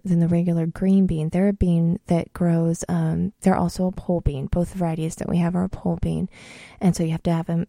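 A woman's voice: on the low side, gravelly, warm tone, no echo, clean studio sound. A middle-aged woman from Washington State, telling a homey, rambling story as a home gardener, with many fillers and restarts. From Washington State, USA. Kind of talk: casual storytelling monologue.

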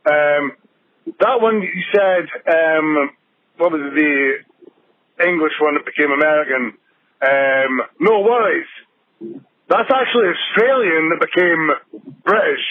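A Scottish man rambles wryly through a voicemail while driving, peppering his talk with fillers. His voice sits high and unhurried. It comes through a tinny, dry phone line. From Scotland. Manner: rambling, wry, full of fillers. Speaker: caller leaving a voicemail. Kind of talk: casual phone message. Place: driving in a car.

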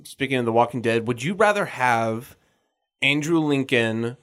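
A podcast co-host joins the conversation with a lively, laughing energy and often cuts in. The voice sits at a middle pitch in easy, casual talk. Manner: lively, laughing, quick to jump in. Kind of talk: casual chat.

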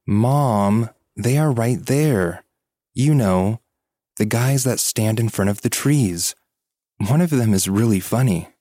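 A man's voice: mid-range voice, animated, slow, vocal fry, warm tone, no echo, clean studio sound, pitched above the performer's own voice, full character voice. A man voicing a cheerful three-year-old girl who talks in a matter-of-fact, mildly exasperated way. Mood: insistent.

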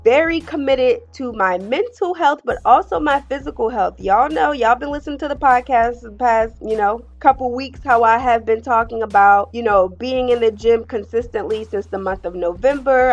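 A woman's voice: fairly high pitch, lo-fi sound. A woman hosting her own podcast, confiding in her listeners in a candid, personal monologue. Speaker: podcast host.

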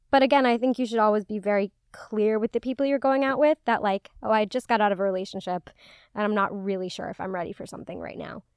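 Woman, 20s, podcast host, casual upbeat chat, smooth, dry booth sound. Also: on the high side, no echo. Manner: chatty, upbeat, lots of "like".

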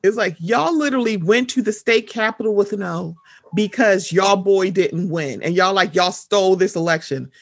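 A young woman co-hosts a casual chat. She keeps slipping into acted-out quoted reactions to make her points. Her voice sits at an ordinary middle pitch, recorded close and dry. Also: normal speed, breathy edge, no room sound. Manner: animated, acts out her own reactions in quoted asides.

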